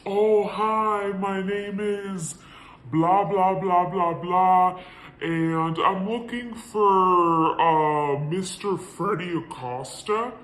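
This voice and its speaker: A woman voicing a menacing male robber with slow, drawn-out threats. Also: on the low side, slight background noise, voice pushed down. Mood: casual. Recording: echoey room.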